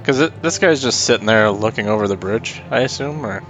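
A man's voice: fairly low pitch, animated, a little fast, a bit bright, faint music behind. A man playing a tabletop game, chatting in a laid-back way and laughing easily. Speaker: player. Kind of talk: casual tabletop game play. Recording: dull lo-fi recording.

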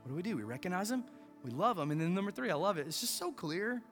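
A man's voice: high voice, big pitch swings, fast, fairly bright tone, soft background music. A man pastor preaching a sermon, emphatic and asking the congregation rhetorical questions.

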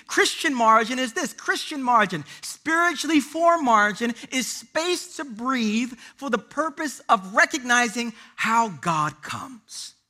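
High-voiced, bright preaching pastor man. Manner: emphatic, repetitive preaching cadence; chatty storytelling with fillers. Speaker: lead pastor. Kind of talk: sermon.

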